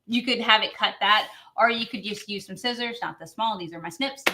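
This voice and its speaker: A woman's voice: medium pitch, fairly quick, noisy background. A woman hosting a live craft demo, chatty and bubbly, laughing often as she reads viewer comments.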